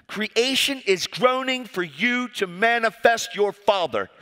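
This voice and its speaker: A man preaching a sermon, reading scripture and telling stories with fervent swings from loud cries to quiet asides. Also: high-pitched, animated, measured pace. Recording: long hall reverb.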